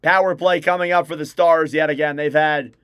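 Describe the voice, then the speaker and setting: Young guy doing hockey play by play on a stream, highish voice, clean and dry sound. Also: fairly even intonation, fairly bright tone, clear, resonant tone, no room sound. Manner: rapid name-calling play-by-play, self-correcting. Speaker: fan livestream play-by-play host. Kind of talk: live hockey play-by-play commentary.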